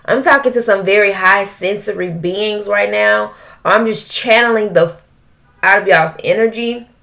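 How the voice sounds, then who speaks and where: A woman giving an emotional tarot reading, breaking into drawn-out exclamations. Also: medium pitch, creaky, fairly bright tone. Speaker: tarot reader.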